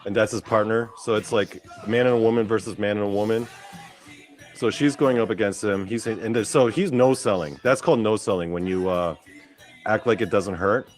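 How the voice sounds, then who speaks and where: A man hosts his own show with a fairly low voice. He gives loose, profane and excitable commentary as he watches a clip. Faint music plays underneath him. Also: moderate pace. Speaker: podcast host. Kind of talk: casual commentary over a wrestling clip.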